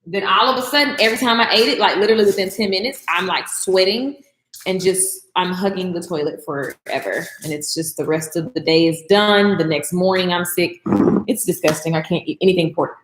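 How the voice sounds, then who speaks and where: A woman's voice: lowish voice, brisk, echoey room, rough recording. A woman chatting casually to her viewers while she cooks in her kitchen, calling them y'all. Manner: chatty, talks to viewers as y'all, Southern slang. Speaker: vlogger and business coach. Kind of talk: casual chat while cooking. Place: home kitchen.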